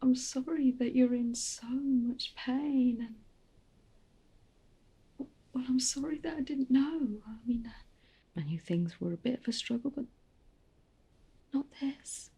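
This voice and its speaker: An actress playing a grieving middle-aged mother, speaking softly and haltingly, often dropping to a whisper. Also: sits high, level tone, husky, full character voice. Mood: hushed, tender. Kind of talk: film drama monologue.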